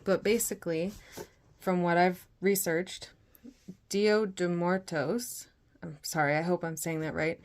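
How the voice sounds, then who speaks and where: A young woman from northern Canada, talking earnestly and carefully through a doll unboxing, with soft whispered asides. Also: on the low side. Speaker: doll collector and vlogger.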